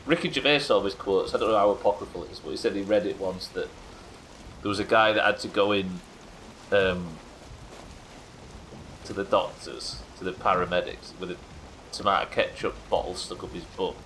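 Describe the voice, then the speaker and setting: A man's voice: deep voice, moderate pace, pauses often, a bit bright, a little hiss or hum, rough recording. A man chatting casually while streaming a game, crude and joking, laughing often. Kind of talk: casual live-stream chat.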